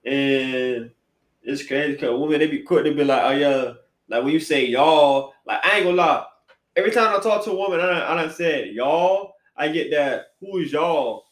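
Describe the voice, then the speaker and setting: A man hosting a casual podcast chat, animated and slangy, swinging between loud bursts and quiet asides. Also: a little high, moderate pace. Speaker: podcast host. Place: apartment room. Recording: echoey room.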